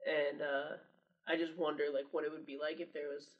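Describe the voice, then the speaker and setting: A man's voice: a little high, flat delivery, brisk, far from the mic, muffled recording. A man in his twenties, a guest on a podcast, speaking in a laid-back, joking way with lots of fillers. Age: 20s. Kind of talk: casual podcast conversation.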